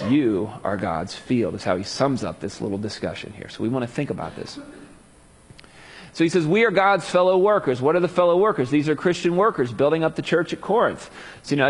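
A man giving a conversational Bible teaching, casual in his asides and animated when he reads scripture aloud. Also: on the high side, slightly rough. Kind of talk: conversational sermon. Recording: long hall reverb.

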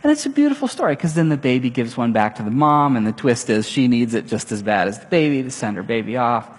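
A man's voice: medium pitch, fairly quick. A middle-aged man preaching a sermon, telling stories and acting out little voices as he goes. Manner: animated, storytelling with acted-out voices. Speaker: pastor. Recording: long hall reverb.

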